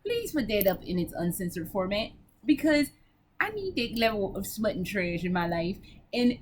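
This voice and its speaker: A woman's voice: mid-range voice, very animated, moderate pace, a little hiss or hum. A woman hosting a casual video game vlog, talking in a brash, profane, rambling way with frequent giggles.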